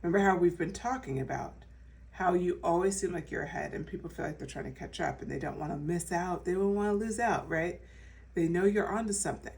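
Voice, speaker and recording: Woman, tarot reader, casual chatty reading, lowish voice, a little off-mic. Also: brisk, a little mellow, recorded from a distance. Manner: chatty and reassuring, full of fillers and restarts.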